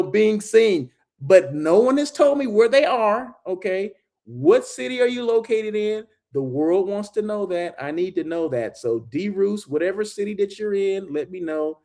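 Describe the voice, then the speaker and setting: A man's voice: sits high, animated, normal speed, creaky, a little mellow. A man hosting a casual live check-in, chatting loosely and thanking viewers by name. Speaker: host of a daily live check-in show.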